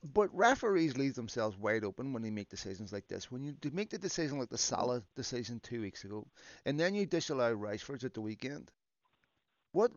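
A man's voice: medium pitch, very animated, a little fast, no room sound. A man hosting a casual football chat, building his points in long runs. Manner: talks in long arguing runs. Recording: dull lo-fi dry sound.

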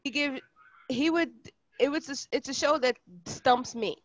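A woman's voice: high voice, no room sound, highs cut off. Blunt woman, podcast co-host. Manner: blunt, teasing, quick to protest. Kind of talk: casual chat.

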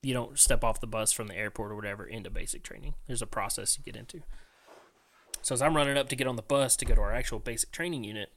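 A man's voice: mid-range voice, fast, a bit bright. Chatty young man telling army stories. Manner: chatty, many fillers like "like" and "man". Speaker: podcast guest. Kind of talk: casual storytelling.

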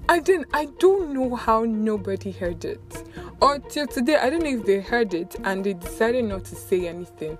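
A young Nigerian-accented woman talks casually to her viewers, telling stories in an animated way. She laughs a lot and often repeats words. Background music plays clearly underneath her voice. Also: on the high side, a little slow. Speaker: vlogger. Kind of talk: casual chatty storytelling.

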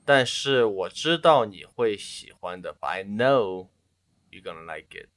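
Slow, low-voiced man from China. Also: no room sound, clean studio sound. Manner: relaxed, translates each line. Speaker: language partner. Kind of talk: casual language practice.

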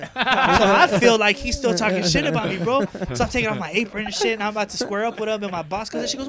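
A young man, a podcast guest, telling animated, slang-heavy stories full of swearing. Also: high voice, fast talker, few pauses, a crowd in the background. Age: young adult. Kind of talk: casual storytelling.

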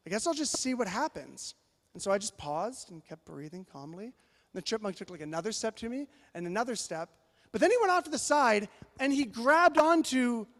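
Man, pastor, high voice, animated storytelling sermon, long church reverb.

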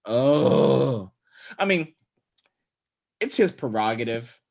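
A young male podcast co-host recaps a movie in casual, profane chat, loosely acting out the characters' lines. His mid-range voice is animated and creaky with a darkish tone, and he takes his time.

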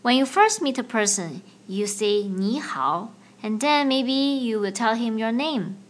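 A woman's voice: fairly high pitch, animated. Woman hosting a language lesson podcast. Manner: clear, slow teaching delivery with playful banter. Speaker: podcast host and language teacher.

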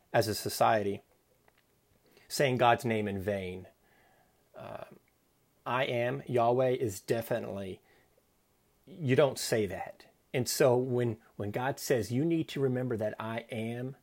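Male speaker, earnest devotional talk, reflective delivery with soft quoted lines. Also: mid-range voice. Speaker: Christian speaker.

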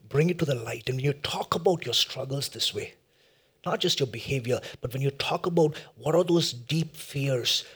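Husky-voiced preacher, high and impassioned. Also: male voice. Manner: impassioned, repeats phrases, swings from loud urging to hushed prayer. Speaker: pastor. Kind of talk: sermon.

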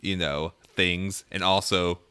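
A man's voice: low voice, fairly even intonation, slow, sharp tone, clean tone, no echo. A man co-hosting a casual movie-review chat, jokey and enthusiastic, laughing between remarks. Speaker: podcast co-host.

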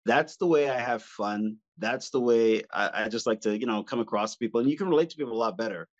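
A man's voice: mid-range voice, fast. Playful man comedian on a lo-fi line. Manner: playful, laughs while talking. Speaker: comedian guest. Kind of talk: casual podcast chat.

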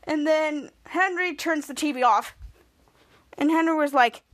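A woman's voice: high voice, measured pace, fairly bright tone. A woman hosting a podcast, recapping a TV episode in a rambling way, stringing scenes together with "and then" and "like" and often restarting her sentences. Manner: frequent restarts and self-corrections. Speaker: podcast host.

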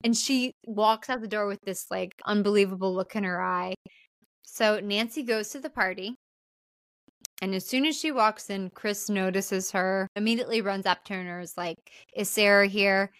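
A chatty young woman recapping a film for her podcast, leaning on fillers and the odd swear word. Her voice is mid-pitched and sits in a dry, close sound. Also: normal speed, no room sound. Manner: chatty, frequent "like" fillers, profane. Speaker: podcast co-host.

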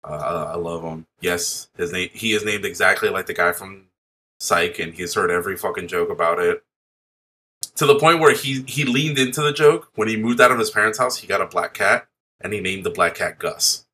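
A young man co-hosts a casual podcast with a low but bright, forceful voice. He tells stories excitably and swears freely. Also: normal speed. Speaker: podcast co-host. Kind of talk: casual chat.

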